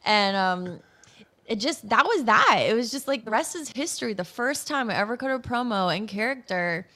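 A woman from Massachusetts, a professional wrestler, telling stories as a guest in a casual interview. She is animated and chatty and laughs often. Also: a little high, normal speed.

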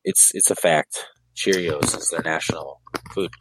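Deep-voiced man cracking deadpan jokes. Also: unhurried, background noise. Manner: joking, teasing, deadpan absurd jokes. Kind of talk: casual chat.

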